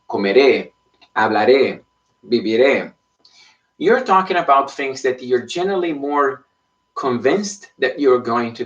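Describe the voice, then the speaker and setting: The recording is muffled, and this online Spanish teacher's mid-range voice sits somewhat far from the mic. Explaining patiently in English, he regularly checks in by asking "okay?".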